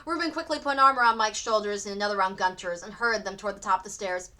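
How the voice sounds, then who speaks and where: Expressive woman teacher reading a story. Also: medium pitch, very fast, hardly any pauses. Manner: expressive, acts out the characters. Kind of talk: storybook read-aloud narration.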